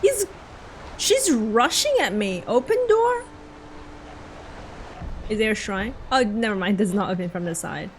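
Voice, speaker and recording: Lively Australian woman streaming a game. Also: mid-range voice, unhurried, long pauses, slight background noise. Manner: chatty, answering chat while playing. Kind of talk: casual gameplay commentary.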